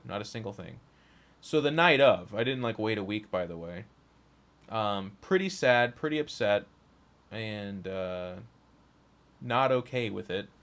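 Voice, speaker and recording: Talking frankly to camera about his career, a young streamer and caster rambles and keeps restarting his sentences. His voice is lowish with a fairly bright tone.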